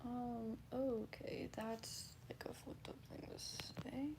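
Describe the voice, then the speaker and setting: Gravelly-voiced woman streamer. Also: a little high, level tone, takes it slowly, whispered. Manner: blunt, laughing, swears freely. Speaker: livestreamer. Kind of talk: casual livestream chat reading.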